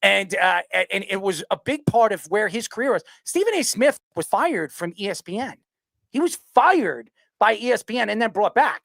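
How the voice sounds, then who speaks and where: A man hosting a sports podcast who rants loudly and passionately, arguing hard and often raising his voice. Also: sits high, very animated, moderate pace, vocal fry, no room sound. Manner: loud, passionate, yells his arguments. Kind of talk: heated sports talk rant.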